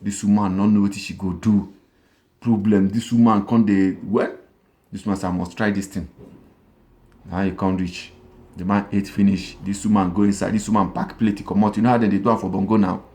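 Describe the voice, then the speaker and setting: A man telling a comic story in a Nigerian Pidgin accent, animated, with repeated phrases and sly asides to the listener. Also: fairly low pitch, a little fast.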